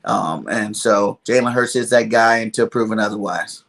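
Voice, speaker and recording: A man's voice: fairly low pitch, normal speed, gravelly, fairly bright tone. A man co-hosting a casual sports podcast, firm and matter-of-fact. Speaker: podcast co-host.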